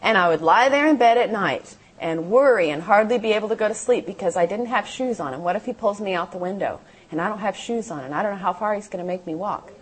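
A woman with a soft, breathy voice gives a heartfelt testimony in a meeting hall. Her pitch sits in the middle of the range. She tells her story earnestly and briefly acts out the voices she remembers. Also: fast, hardly any pauses. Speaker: motivational speaker. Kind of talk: testimony talk to a live audience. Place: meeting hall with seated audience.

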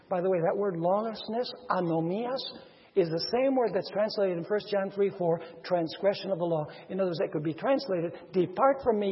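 Man preaching, animated, high voice, husky tone, dull echoing hall sound. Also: fairly quick. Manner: animated, acts out parable characters with sudden loud and soft swings. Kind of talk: sermon.

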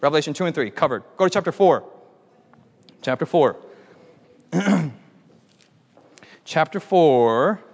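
A man preaching a lively sermon, telling a playful story and calling on the audience for amens. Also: a little high, unhurried, pauses often, long reverb tail. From United States.

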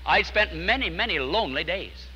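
A man preaching a storytelling sermon, earnest, dropping to a hush at key lines. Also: high voice, expressive, moderate pace, in a large hall, dull audio, a little hiss or hum.

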